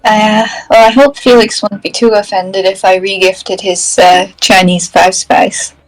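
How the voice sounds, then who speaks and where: A woman's voice: medium pitch, level tone, measured pace, rough recording. A woman playing a tabletop game, speaking in character in an easygoing way. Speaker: player. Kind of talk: in-character casual play.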